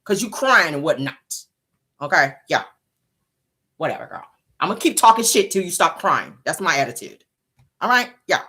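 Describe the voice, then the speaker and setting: A woman's voice: low voice, sing-song, moderate pace, long pauses, pushed and bright, breathy edge. A woman hosting a celebrity gossip show from her car, talking casually, teasing and profane, laughing often.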